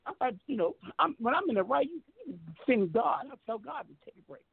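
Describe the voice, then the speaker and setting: Brash raspy man on a phone line. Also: very high-pitched, very animated, a little fast, hardly any pauses. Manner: boastful, profane and emphatic. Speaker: guest telling a story. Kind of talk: animated storytelling on a talk show.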